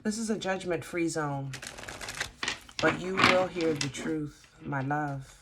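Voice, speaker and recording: A woman giving a casual tarot reading, halting and gently reassuring, often restarting her sentences. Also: sits low, heavy background noise. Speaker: tarot reader.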